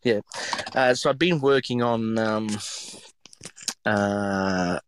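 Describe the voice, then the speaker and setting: Swearing Yorkshire chef telling stories. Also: male voice, lowish voice, takes it slowly, a little hiss or hum. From England. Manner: animated storyteller who swears freely. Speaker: chef, podcast guest. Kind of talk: casual interview chat.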